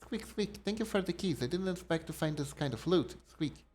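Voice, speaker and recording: A man voicing a small, timid, polite mouse-like creature from a game, adding little squeaks between lines. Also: animated, normal speed, darkish tone, a little hiss or hum. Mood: squeaky polite. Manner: high squeaky voice punctuated by squeaks. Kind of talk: reading game dialogue aloud in character.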